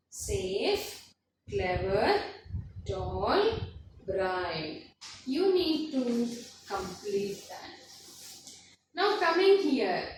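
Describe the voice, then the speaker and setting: A woman teaches grammar in a high voice, slowly, drawing words out to show their syllables. She sounds a little away from the mic, in a very echoey room with faint background noise. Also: far from the mic. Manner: slow, deliberate, stretches words to show syllables. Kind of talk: classroom grammar lesson.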